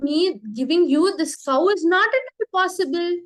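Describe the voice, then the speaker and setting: A woman voicing a calm, loving old sage in a children's story, speaking softly and slowly. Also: very high-pitched. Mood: tender. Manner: soft, tender, slow.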